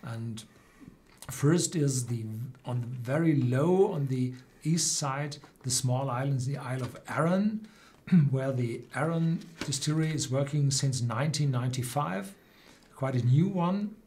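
Halting man guiding a whisky map. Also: mid-range voice, darkish tone. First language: German. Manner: hesitant, many fillers and restarts. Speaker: whisky tasting host. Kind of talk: livestream tasting talk.

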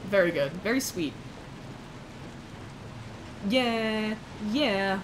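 A young woman streaming a game, chatting playfully with her viewers and squealing when excited. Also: mid-range voice, drawn-out words, a little hiss or hum. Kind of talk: casual gameplay commentary.

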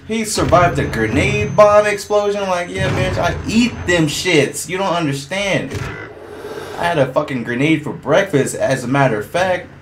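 A man streaming a shooter game, swearing, laughing and reacting loudly as he plays. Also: high-pitched, lively intonation, normal speed, noisy background. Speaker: gaming streamer. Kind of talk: casual gameplay commentary.

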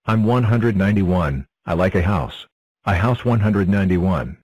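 A man voicing a cheerful talking number block in a cartoon, announcing itself in short flat sentences. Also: low-pitched, normal speed, dry recording, muffled recording. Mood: plain.

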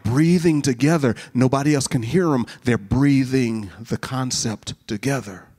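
A middle-aged man preaching a chapel sermon, swinging from hushed, whispered lines to shouted declarations. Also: medium pitch. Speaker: chapel speaker. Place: college chapel.

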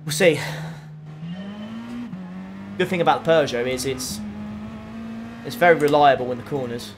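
A man's voice: on the high side, moderate pace, noisy background. A young man streaming a racing game, chatting casually and answering his live chat as he drives, into a desk mic at home. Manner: chatty, reads out and answers chat messages while driving. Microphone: desk USB condenser mic.

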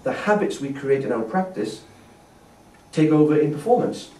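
A little high yet dark in tone, this brass instructor's voice has lively intonation and a normal speed. He patiently explains and demonstrates tonguing syllables during a masterclass, recorded from a distance in an echoey festival hall.

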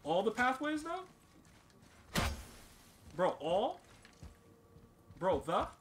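A man's voice: high voice, brisk, background noise. A man hosting a gaming channel, giving casual gameplay commentary with hyped, slang-heavy banter.

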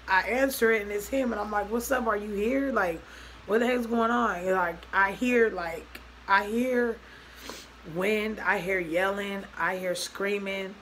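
A woman's voice: medium pitch, a bit bright, slight background noise, rough recording. A young woman vlogging a personal story, talking loosely and acting out both sides of each conversation. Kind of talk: storytime vlog.

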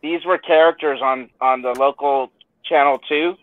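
Brief: relaxed male co-host from San Francisco, phone-thin and dry. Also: medium pitch, moderate pace, no room sound. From San Francisco Bay Area. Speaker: podcast co-host. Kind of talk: casual chat. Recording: tinny phone-like line, dry.

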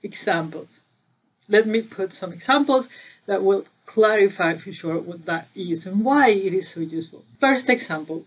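Animated and husky, with a mid-range voice at a moderate pace, a woman who hosts a channel and trains people in data talks business metrics to camera. In this casual explainer, she chats conversationally, leans on key words, and poses questions to viewers.

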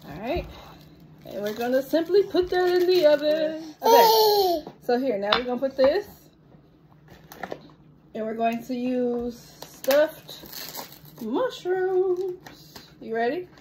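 Playful high-voiced mom coaxing her toddler. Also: lively intonation, slow pace, pauses often, noisy background. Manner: playful, coaxing, giggly encouragement. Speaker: mother cooking with her young son. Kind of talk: casual home cooking vlog.

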